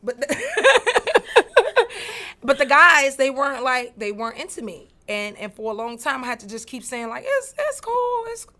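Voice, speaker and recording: A woman's voice: a little high, a little fast, hardly any pauses. A woman, telling stories as a guest in a casual interview. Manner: animated, swings from quiet to loud, laughs while telling.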